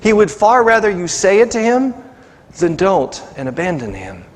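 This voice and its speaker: A man's voice: high voice, huge pitch swings, normal speed. Man preaching in a reverberant church. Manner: conversational preaching, acts out quoted voices. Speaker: pastor. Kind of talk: sermon. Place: church sanctuary.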